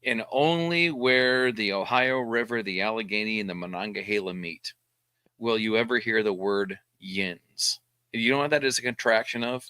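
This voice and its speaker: A man's voice: on the low side, normal speed, pushed and bright, smooth, no room sound. A man, a bit tipsy from whiskey, rambling and stammering as a guest in a casual live stream chat.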